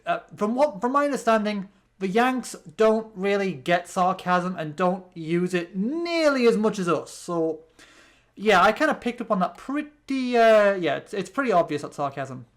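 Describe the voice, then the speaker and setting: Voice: mid-range voice, animated, normal speed. Rambling British let's play host. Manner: rambling, with many restarts and fillers. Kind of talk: gameplay commentary.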